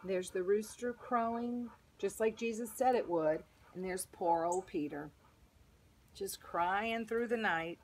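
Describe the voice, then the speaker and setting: A Sunday school teacher reading a children's bible story aloud in first person, dramatic with hushed and loud turns. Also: female voice, mid-range voice, slow pace, a little hiss or hum.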